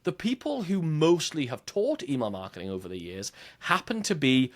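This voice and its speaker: A man who is a podcast guest explaining marketing in a conversational interview, animated and using examples with shifting emphasis. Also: a little high, moderate pace.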